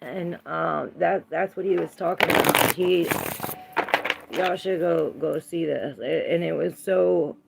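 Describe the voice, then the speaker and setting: A woman with a gravelly, heavily creaky voice that sits a little low. She talks in a loose, rambling way as a tarot reader on a casual livestream, calling out to viewers by name between thoughts. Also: takes it slowly, noisy background.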